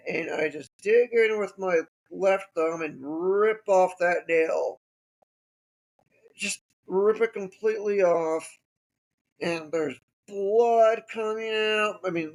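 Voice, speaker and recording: Man podcast host, unhurried gravelly voice, wry casual storytelling. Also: high-pitched.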